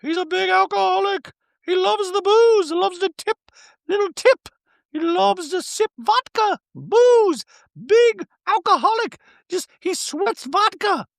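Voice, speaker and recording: A man voicing a haughty, glamorous middle-aged reality-TV wife in a shrill, drawn-out, mocking voice. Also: vocal fry, dry recording, full character voice.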